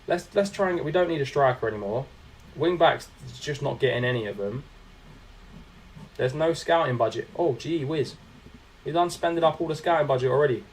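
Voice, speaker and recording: A young man whose voice leans high speaks a little fast over slight background noise. On a live stream he chats casually about the game he's playing, reacts to it, and reads out and answers viewers' chat.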